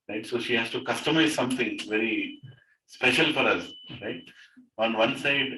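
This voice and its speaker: Animated man telling a devotional story. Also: mid-range voice. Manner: animated, chuckling, asks "right?" often. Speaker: speaker at a home devotional gathering. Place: living room of a home. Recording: echoey room, mic far off, faint noise.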